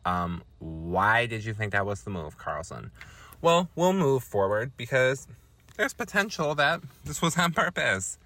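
A man's voice: mid-range voice, big pitch swings, a little slow, sharp tone. A man hosting a podcast, recapping a film in a loose, profane, casual way with many ums and likes.

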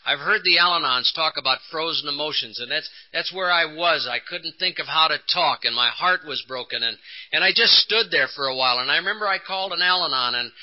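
A man's voice: a little high, a little fast. Older man, earnest testimony. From Texas, USA. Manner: earnest, emotional, acts out the dialogue. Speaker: conference speaker. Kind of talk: recovery testimony storytelling. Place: conference hall. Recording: dull lo-fi 1980s conference tape.

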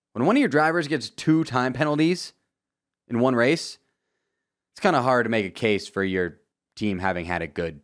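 A young man from Florida giving a casual, joking race recap with lively asides and sudden loud outbursts. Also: on the low side. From Florida, USA. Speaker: motorsport commentator. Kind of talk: casual video commentary.

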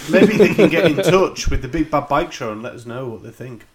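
A man's voice: a little high, animated, brisk, crowd noise. Dry-witted man steering a podcast. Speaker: podcast co-host. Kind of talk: casual chat.

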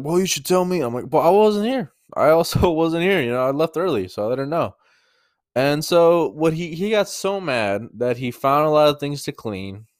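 A man's voice: medium pitch, no room sound, clean studio sound. A young man hosting a podcast, telling a work story in a rambling, casual way, swearing often and correcting himself mid-sentence. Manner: rambling, profane, restarts and self-corrections. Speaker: podcast host. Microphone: mouth-close microphone.

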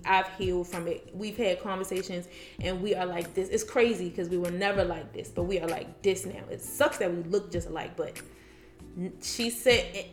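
A young woman talks through a personal story in candid, rambling sentences and often corrects herself as she goes. Her voice is bright and forward. The room around her has a clear echo, and faint music sits underneath. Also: lowish voice. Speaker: podcast guest. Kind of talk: casual chat.

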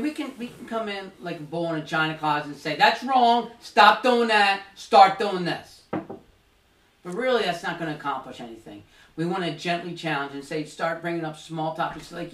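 A man's voice: on the high side, a bit bright, far from the mic, slight background noise. A man hosting a casual Christian youth podcast, earnest and a bit preachy, often repeating himself. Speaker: podcast host. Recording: roomy echo, off-mic.

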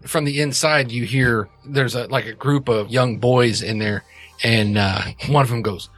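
A man's voice: mid-range voice, fairly even intonation, unhurried, fairly bright tone, no room sound, faint music behind. Rambling male game master. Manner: rambling, self-correcting narration. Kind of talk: narrating a tabletop game.

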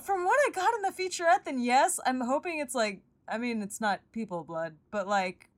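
A woman's voice: fairly high pitch, moderate pace. A woman co-hosting a casual chat about a TV show, rambling with lots of fillers and giggles. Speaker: podcast co-host.

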